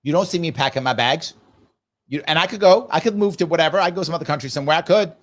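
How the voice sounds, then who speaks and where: Racing along in a slightly high voice, the middle-aged host of a live political discussion drives his arguments home through repetition. His delivery is emphatic and animated.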